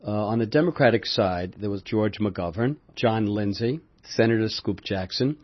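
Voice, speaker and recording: An older man, a former campaign staffer, recalling the past in an animated interview. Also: lowish voice, moderate pace, no echo, muffled recording. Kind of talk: interview recollection.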